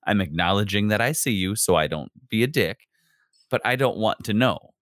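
Animated man in casual chat. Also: lowish voice, normal speed, no room sound. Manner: animated, acts out everyday exchanges in voices. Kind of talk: casual conversation.

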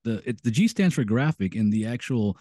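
A man's voice: lowish voice, lively intonation, brisk, warm tone, no room sound, clean studio sound. A man co-hosting a casual beer podcast, rambling with many restarts. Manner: rambling, full of restarts and "you know". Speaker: podcast co-host. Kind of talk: casual chat.

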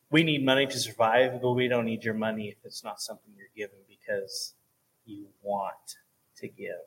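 A man's voice: on the low side, fairly bright tone, slight background noise, poor audio. Casual earnest pastor, man. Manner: casual, earnest, chatty with fillers. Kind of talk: church offering talk. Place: church service.

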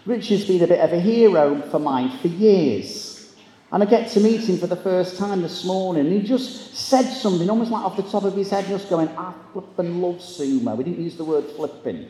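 A man's voice: high voice, warm tone. A man giving a humorous motivational talk to a live audience, telling comic stories and acting out the people in them. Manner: comic storytelling, acting out quoted voices. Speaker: motivational keynote speaker. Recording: echoey large hall.

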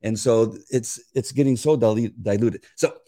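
An older man who appears regularly on a talk show explains scent detection in casual conversation, speaking at a medium pitch and normal pace. He's animated, acting out quoted exchanges in a raised voice.

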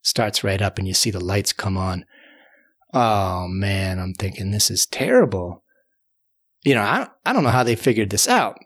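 A man's voice: lowish voice, expressive, normal speed, fairly bright tone. A man telling a tall tale in a loose, rambling way, often restarting and adding "you know". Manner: rambling, repeats words and fills with "you know". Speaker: storyteller. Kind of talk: casual spoken tall tale.

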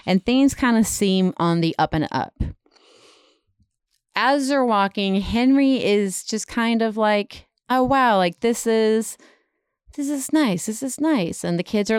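A woman with a smooth, clear voice tells a dramatic story in a loose, chatty way, full of "like" and "kind of." The sound is dry and close, with no room around it. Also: mid-range voice, dry recording. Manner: dramatic retelling with many fillers. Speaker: podcast storyteller. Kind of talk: casual storytelling.

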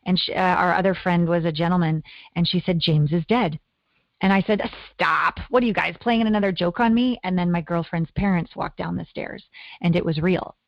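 A middle-aged woman from Canada, a guest telling her life story in an earnest, animated way. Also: on the low side, dry recording. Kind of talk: interview storytelling. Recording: dull lo-fi audio.

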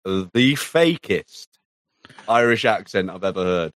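A man's voice: low voice, animated, unhurried, fairly bright tone, dry recording. An English man co-hosting a podcast, blunt and mocking in sweary casual banter. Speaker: podcast co-host.

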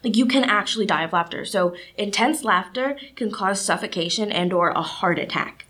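Teen girl student podcaster, chatty and bubbly, lots of fillers, mid pitch. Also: normal speed. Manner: chatty and animated, lots of "like" and "you know". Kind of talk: casual solo podcast monologue.

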